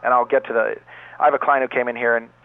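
A man's voice: medium pitch, flat delivery, fast, no echo. A man who runs a pain therapy clinic, earnestly telling a long story from his practice as an interview guest. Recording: dry, tinny phone line.

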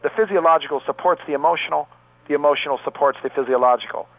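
A man's voice: a little high, quick pace, dry recording. A man who runs a pain therapy clinic, earnestly telling a long story from his practice as an interview guest. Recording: dry, tinny phone line.

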